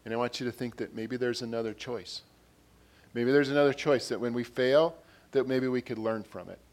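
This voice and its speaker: Man, preacher, earnest sermon, repeats himself, louder on scripture, medium-pitched voice. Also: brisk. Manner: earnest, repeats phrases, rises in volume on quotes and scripture.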